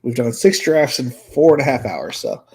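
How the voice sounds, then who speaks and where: A man's voice: mid-range voice, big pitch swings, moderate pace, a little mellow, husky, rough recording. A man streaming fantasy sports drafts, out of breath, thinking aloud in loose, profane, muttered asides. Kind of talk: casual livestream commentary.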